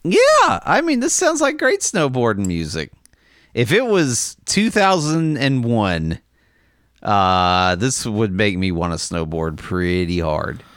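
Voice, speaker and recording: A man's voice: lowish voice, sing-song, takes it slowly, fairly bright tone, clean tone, dry recording, studio quality. A man co-hosting a casual podcast, joking and laughing often. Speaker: co-host.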